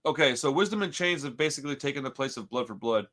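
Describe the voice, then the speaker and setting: In his thirties and hailing from Houston, Texas, this podcast host chats casually and tells meandering stories laced with dude, bro and profanity. He's a fast talker with a mid-range voice, lively intonation and a fairly bright tone.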